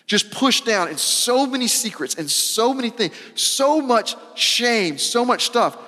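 Male pastor, high voice, emphatic casual sermon delivery, big hall reverb. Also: expressive, measured pace. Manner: emphatic, repeats phrases, swings between loud and soft; casual, uses "y'all" and slang.

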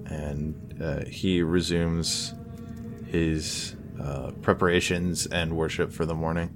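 A man narrating as game master of a tabletop game, halting, with many fillers. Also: extremely low pitch, flat delivery, music in the background.

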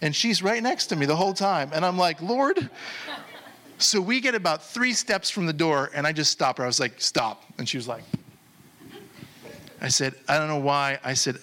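A man preaching a sermon as pastor, telling a story with animated quoted voices and slowing to a hushed close. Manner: animated, acts out quoted voices with sudden high jumps; drops to slow, hushed delivery for the closing appeal.

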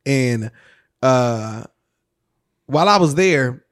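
A man, an actor, telling a story in casual, slangy talk, animated and swearing freely. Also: mid-range voice, extremely slow. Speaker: actor guest.

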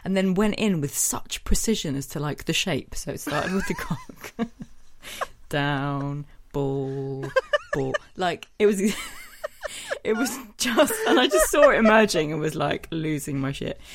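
A woman co-hosting a podcast, telling stories in a giggly, animated way. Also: deep voice, a little slow, very noisy. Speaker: podcast co-host reading listener questions. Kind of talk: casual podcast chat.

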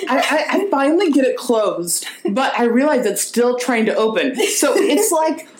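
A woman's voice: fairly high pitch, sing-song, normal speed, noisy background. A woman co-hosting a casual chat, telling a funny story with laughter and then drawing a spiritual lesson from it. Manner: laughing storyteller turning reflective. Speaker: podcast co-host.

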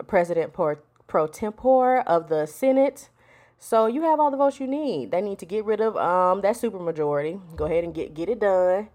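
A woman's voice: medium pitch, a little mellow. A woman hosting a solo podcast, talking in a blunt, sassy, profane casual way. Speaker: podcast host. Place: home, with a storm outside.

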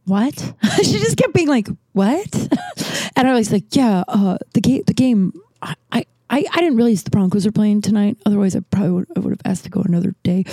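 A young woman comedian and podcast host telling a rambling story in casual chat, full of fillers, swearing and animated quoting. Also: mid-range voice, breathy edge, dry recording. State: breathing trouble.

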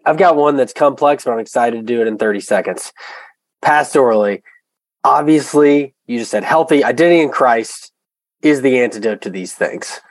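A man's voice: medium pitch, normal speed, no room sound, rough recording. A man co-hosting a podcast, eagerly asking an earnest faith question. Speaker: podcast co-host.

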